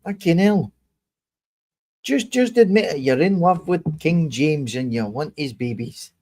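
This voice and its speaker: Unhurried yet lively in intonation, a young man with a fairly high, slightly mellow voice rants on his livestream. He curses angrily and confronts a commenter.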